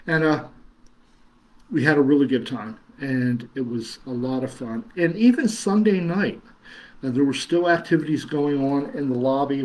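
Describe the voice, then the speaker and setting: Rambling man, chatty host. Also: medium pitch. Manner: rambling, chuckling, many fillers and restarts. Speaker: horror host reading live chat. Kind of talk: casual livestream chat.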